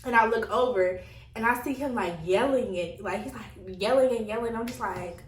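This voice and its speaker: A young woman tells a storytime straight to her viewers. She stays animated, laughs often and keeps breaking in to talk to them. Her voice sits a little back from the mic in a roomy, echoey space. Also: a little high, normal speed, far from the mic. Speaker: vlogger. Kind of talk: casual storytime.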